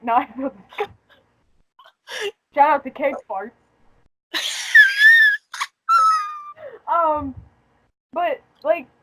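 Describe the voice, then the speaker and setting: A woman's voice: high voice, poor audio. A young woman hosting a podcast, telling a casual story in a profane, joking way and laughing often. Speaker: podcast host. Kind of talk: casual chat.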